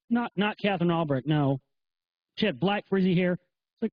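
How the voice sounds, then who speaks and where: Crude, rambling male livestream host, husky and high-pitched; dull, dry lo-fi stream. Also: normal speed, no room sound. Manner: crude, rambling, swears a lot. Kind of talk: profane livestream rant.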